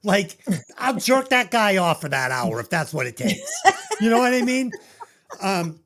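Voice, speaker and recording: Podcast co-host, casual movie chat, animated pitch, emotional, choked up, swears a lot. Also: a little slow, slight background noise.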